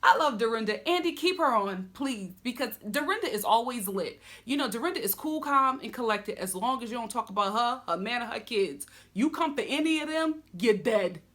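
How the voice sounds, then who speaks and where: A woman hosting a comedic reality TV recap vlog, sassy and animated, laughing often. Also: on the high side, normal speed, few pauses. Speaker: host of a TV recap channel.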